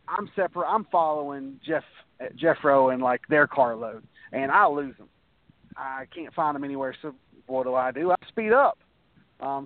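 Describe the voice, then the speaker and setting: A man's voice: on the high side, no room sound. A man, a guest, telling rambling anecdotes in a casual interview, often restarting his sentences and acting out what others said. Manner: rambling anecdotes with many restarts and acted-out quotes. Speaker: guest, wrestler. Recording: tinny phone-like, dry sound.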